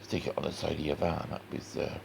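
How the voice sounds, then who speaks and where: A man with a West Country accent talks through a drawing lesson in a deep, heavily gravelly voice. He rambles in a folksy way and speaks straight to the viewer. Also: level tone, fast, a little hiss or hum. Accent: West Country English. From West Country of England. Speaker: cartoon artist. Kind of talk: chatty drawing tutorial.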